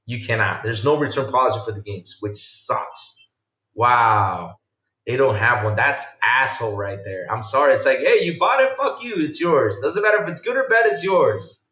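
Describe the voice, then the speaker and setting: A man hosting a casual live-streamed podcast, reacting with loud exclamations and reading viewer chat aloud. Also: medium pitch, roomy sound, distant mic.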